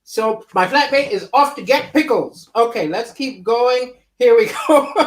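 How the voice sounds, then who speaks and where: A man's voice: very high-pitched, slow. A man with a slight lisp hosting a live-streamed comedy show from home, riffing on songs and reading out viewer comments. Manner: animated, reads viewer chat aloud and riffs.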